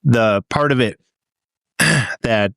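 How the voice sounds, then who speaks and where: A man's voice: mid-range voice, drawn-out words, smooth, dry recording. A man co-hosting a casual podcast chat, talking in a rambling, hesitant way with many fillers. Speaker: podcast co-host.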